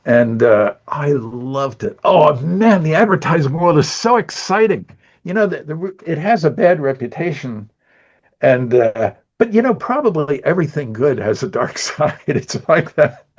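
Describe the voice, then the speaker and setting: A man's voice: on the high side, very animated, unhurried, lo-fi sound. An older man who is an animator, chatting as an interview guest, telling rambling stories with lots of chuckles. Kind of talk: casual storytelling chat.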